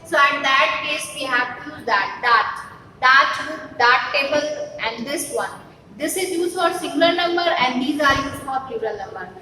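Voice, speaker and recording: A high-pitched woman with an Indian English accent, teaching a grammar lesson and working through example after example with frequent pauses and fillers. She is recorded from a distance in a long, echoing hall, with a steady wash of room noise behind her. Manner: explains slowly with many fillers and repeated examples. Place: classroom.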